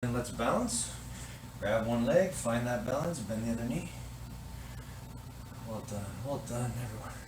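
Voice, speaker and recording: A man's voice: mid-range voice, lively intonation, unhurried, pauses often. A man leading a balance and stretching class, giving encouraging step-by-step instructions. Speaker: fitness instructor. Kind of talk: guided exercise class. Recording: echoey room, distant mic, noisy.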